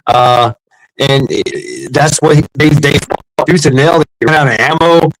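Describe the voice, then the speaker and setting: A man's voice: fairly high pitch, measured pace, rough recording. A middle-aged man chatting casually, telling rambling stories with lots of swearing and restarts. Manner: profane, rambling storyteller with many restarts. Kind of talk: casual chat.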